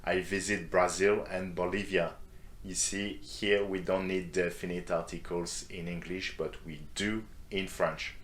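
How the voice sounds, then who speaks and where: Low-voiced man teaching French grammar. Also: little pitch movement, unhurried. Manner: reads French examples, then gives English translations. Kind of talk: scripted grammar lesson.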